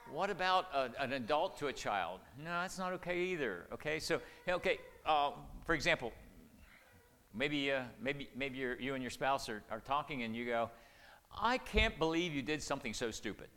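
A man's voice: medium pitch, moderate pace, pushed and bright. Older guy preaching casual and folksy, chuckles a lot, big reverby hall. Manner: conversational, folksy, chuckles often, acts out quoted lines. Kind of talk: sermon on marriage communication.

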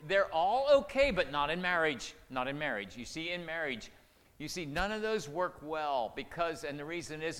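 A man's voice: a little high, animated, moderate pace, fairly bright tone, clear, resonant tone. Folksy older man preaching in a hall. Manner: conversational, folksy, chuckles often, acts out quoted lines. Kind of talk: sermon on marriage communication. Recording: long hall reverb.

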